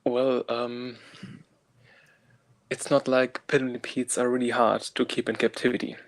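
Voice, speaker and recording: A man from Germany with a German accent, a guest answering interview questions in a measured, hesitant way. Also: mid-range voice, flat delivery, rough recording. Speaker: guest invertebrate keeper.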